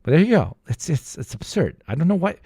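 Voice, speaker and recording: Young man from the Balkans, reaction streamer; profane, animated rants, dry and close. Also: fairly high pitch, a little fast, creaky, breathy edge, no room sound. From former Yugoslavia, Balkans. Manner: profane, ranting, mimics others. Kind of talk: casual reaction commentary.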